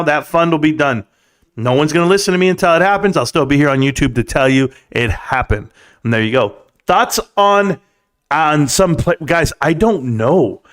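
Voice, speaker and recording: Male stream host with a slightly high voice, animated and scornful, chatting casually with viewers. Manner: animated, ranting, mocking. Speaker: livestream host. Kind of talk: casual livestream chat reading comments.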